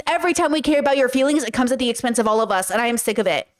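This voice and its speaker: A high-pitched woman from the Bronx, hosting a reaction podcast. She talks in a heated, exasperated rush of slang and keeps calling her listeners bros and girl. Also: rapid-fire, hardly any pauses. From the Bronx, New York. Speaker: podcast host. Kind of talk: reaction commentary.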